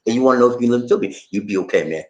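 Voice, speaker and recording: Audio is dull and roomy as a medium-pitched man speaks very fast on a casual live stream. He's a vlog host from Charleston, South Carolina, with a Gullah Geechee accent, broadcasting from his home in the Philippines; animated and quick to laugh, he reads viewer comments aloud.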